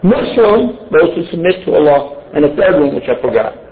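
A man's voice: on the high side, sing-song, normal speed. A man giving an informal sermon, joking and putting questions to his listeners. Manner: conversational and joking, asks the audience questions. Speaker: Muslim preacher. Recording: tinny phone-like sound with faint noise.

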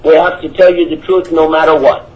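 A high-voiced man preaches emphatically, repeating his points as he answers questions about his faith. The recording sounds dull and lo-fi. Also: a little fast. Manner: emphatic, repetitive, animated. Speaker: Islamic preacher. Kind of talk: religious talk answering questions. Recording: dull lo-fi audio.

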